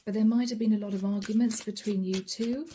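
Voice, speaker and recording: Mellow-voiced woman giving a chatty tarot reading. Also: medium pitch, steady tone, fairly quick, a little hiss or hum. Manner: chatty, addresses viewers directly, reads cards aloud. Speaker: tarot card reader. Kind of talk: channeled tarot reading to viewers.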